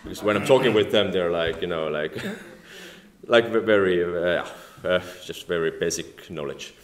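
A man from Estonia with an Estonian accent and non-native English, giving a speech at a formal dinner with many halting "like"s and "uh"s. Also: sits low. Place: banquet room at a formal dinner. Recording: echoey dining hall.

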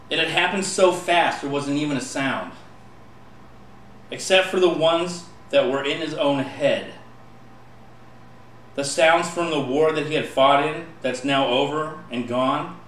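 A man performing spoken-word poetry, building from quiet storytelling to impassioned pleading. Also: fairly high pitch, a little hiss or hum. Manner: impassioned, rising to pleading shouts. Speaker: poet. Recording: echoey room from far off.

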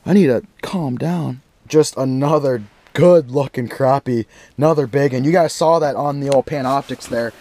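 Young man, excitable, slangy, loud exclamations, ice-fishing vlog, action camera, middle pitch. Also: normal speed, hardly any pauses. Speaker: fishing vlogger. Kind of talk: excited play-by-play while fishing. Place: ice fishing on a frozen lake in deep cold.

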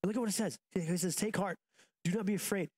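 A man's voice: high voice, fast, darkish tone, husky. A man in his thirties, a pastor preaching a sermon in a casual, conversational way, often restarting and going off on asides. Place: church auditorium.

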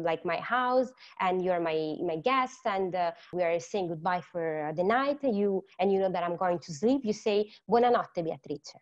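A woman with an Italian accent, whose first language is Italian, teaching an online language class. She explains patiently, repeats words slowly and quizzes her students. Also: medium pitch, highs cut off. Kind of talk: online lesson.

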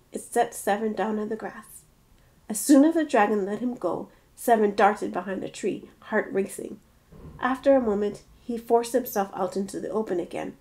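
A woman's voice: mid-range voice, darkish tone. Woman author reading her own fantasy novel aloud. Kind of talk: storybook narration.

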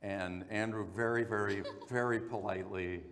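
A man's voice: on the low side, fairly even intonation, moderate pace, fairly bright tone. A man on a press panel telling self-mocking stories and laughing often. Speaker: voice actor on a panel. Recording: long hall reverb, faint noise.

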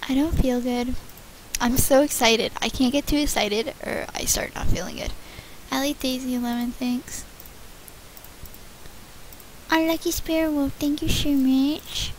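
A female channel host chatting excitedly and thanking viewers by name during a casual gift-opening vlog. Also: high voice, measured pace, pauses often, slight background noise, poor audio.

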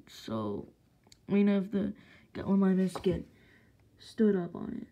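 A young woman chatting casually about her toy figures, gushing and excitable, sometimes dropping into whispers. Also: mid-range voice, a little slow, pauses often, dull audio. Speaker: toy collector vlogger. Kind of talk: casual unboxing chat.

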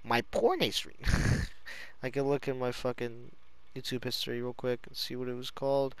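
A man's voice: medium pitch, steady tone, moderate pace, clear, resonant tone. A man chatting casually, rambling, giggling and swearing as he talks. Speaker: friend chatting. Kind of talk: casual chat.

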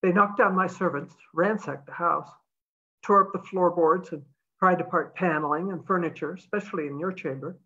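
A woman's voice: on the low side, moderate pace, pushed and bright, dull audio. A woman reading aloud, voicing a determined young woman who talks urgently and pleads.

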